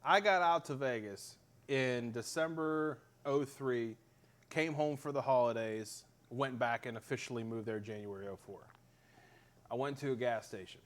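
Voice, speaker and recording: A man with a Pittsburgh accent hosting a casual talk show, telling stories animatedly and swearing freely. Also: medium pitch. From Western Pennsylvania. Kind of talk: casual chat.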